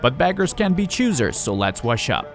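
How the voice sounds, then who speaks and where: A man's voice: mid-range voice, very animated, normal speed, soft background music. A young adult man narrating his touring vlog in a dry, matter-of-fact voice-over with wry humor. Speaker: touring drummer and vlogger.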